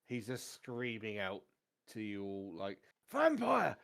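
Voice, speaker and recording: A man, narrating a tabletop game as game master in a relaxed, chatty way. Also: lowish voice, unhurried, clear, resonant tone.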